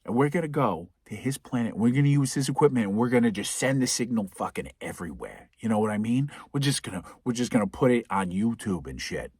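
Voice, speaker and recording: A man's voice: mid-range voice, very animated, quick pace, few pauses, darkish tone, slightly rough, no room sound, clean studio sound, voice pushed down. A man playing a fed-up, determined male spaceship captain who lays out plans bluntly and with lots of swearing, in a comedic movie retelling. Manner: blunt, profane plan-making.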